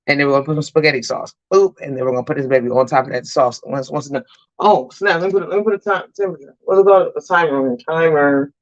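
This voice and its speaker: A woman's voice: sits low, fast, dull audio. A woman chatting with her viewers while she cooks on a live stream, calling them y'all. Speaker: cooking vlogger. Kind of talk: live-stream cooking chat. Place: home kitchen.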